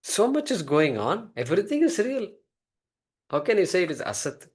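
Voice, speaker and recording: A man's voice: a little high, very animated, brisk. A man giving a classroom lecture on a Sanskrit text, explaining word by word and posing rhetorical questions. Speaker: scripture teacher.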